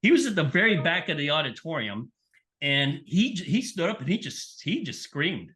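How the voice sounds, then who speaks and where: A middle-aged man with a slightly high voice talks at a normal speed. He's a sports nutrition scientist appearing as a podcast guest, spinning casual interview stories in an animated way and acting out the people he quotes.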